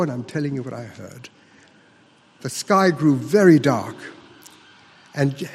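A man performing a first-person monologue as a disciple recounting the crucifixion, speaking earnestly with emphatic dramatic pauses. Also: mid-range voice, darkish tone, long reverb tail. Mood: intense.

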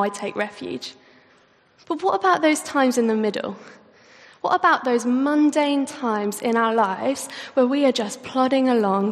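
A young woman giving a church talk with personal stories, earnest, chatty and self-deprecating. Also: fairly high pitch. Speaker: youth speaker. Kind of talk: sermon talk with storytelling. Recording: reverberant hall.

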